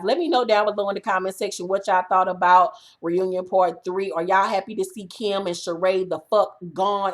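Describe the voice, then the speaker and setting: A woman vlogger recapping reality TV in a brash, profane, trash-talking rant. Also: medium pitch.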